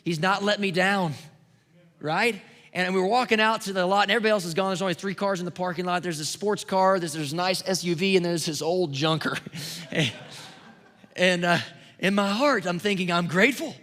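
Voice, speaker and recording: A man preaching a sermon as pastor, telling a personal story in an animated way that builds to emphatic preaching. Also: high-pitched, brisk. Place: church sanctuary. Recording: long hall reverb.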